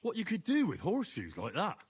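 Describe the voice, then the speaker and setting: Game hero: a calm young blacksmith, measured and husky. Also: male voice, sits high, exaggerated voice. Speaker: video game protagonist.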